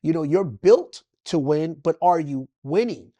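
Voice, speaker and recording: Guesting on an emotional interview, a Los Angeles man talks about his life with passion, repeating phrases and breaking into bursts like a preacher. His fairly high voice is expressive and mellow, and he keeps a measured pace on a dry recording.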